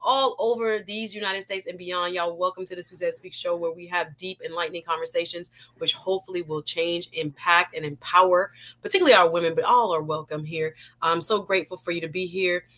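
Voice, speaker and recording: A woman's voice: lowish voice, a little fast. A Jamaican woman hosting a live online talk show, playful and laughing as she greets viewers in the chat. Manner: lively and playful, laughs often, shout-outs to chat.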